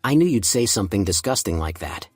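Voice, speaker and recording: A man's voice: fairly low pitch, very animated, quick pace, husky, no room sound, faint music behind. A man voicing a confident young male healer in a recap story, speaking casually and self-assured.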